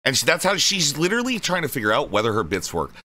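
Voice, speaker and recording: Animated, bright-voiced male streamer. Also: a little high, fast talker. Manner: loose, profane, addresses chat directly. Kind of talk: casual live-stream commentary.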